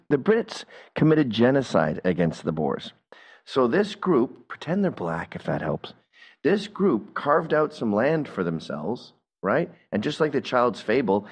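A man hosting a reaction commentary, talking in an animated, mocking, opinionated way. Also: mid-range voice, slightly rough. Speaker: commentator host.

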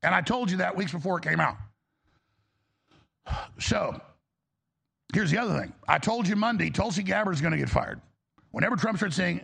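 A man's voice: high-pitched, lively intonation, moderate pace, long pauses, a bit bright. A male talk show host delivering an angry, exasperated political rant, blunt and profane. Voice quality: gravelly.

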